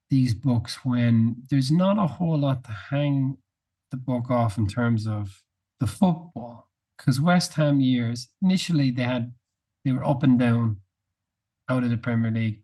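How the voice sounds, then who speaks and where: A man with a mellow, slightly husky voice chats on a podcast and quizzes his co-host. His delivery is measured, with a dry, wry tone. The voice has a soft, dark color. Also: mid-range voice. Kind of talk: casual podcast chat.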